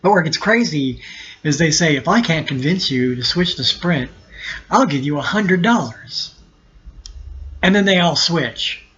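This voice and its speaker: A man's voice: a little high, expressive, measured pace, fairly bright tone, slightly rough, muffled recording. A man ranting sarcastically in a video blog, exasperated and often restarting his sentences. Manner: exasperated, sarcastic, talks himself in circles. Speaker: vlogger. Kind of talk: ranting monologue to camera.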